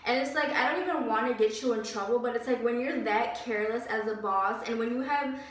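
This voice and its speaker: A young woman vlogger telling a story about a bad job in a casual, animated and indignant way, with lots of "like". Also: a little high, fairly quick. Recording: very echoey room, slightly distant mic.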